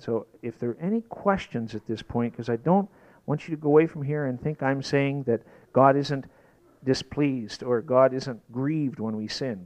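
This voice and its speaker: A man preaching a sermon, emphatic, sometimes rising to shouts. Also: mid-range voice, low-quality recording. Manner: lively, emphatic preaching that rises to shouted exclamations. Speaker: pastor.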